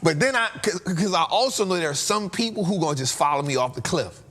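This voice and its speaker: A man's voice: sits high, lively intonation, fast, fairly bright tone. A man hosting a trading show, telling a story in a casual, slangy way and laughing often.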